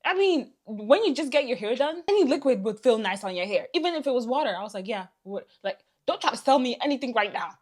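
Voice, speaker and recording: High-voiced exasperated woman telling a story. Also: fast, few pauses. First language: not English. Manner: exasperated, animated retelling. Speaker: vlogger. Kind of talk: storytime vlog.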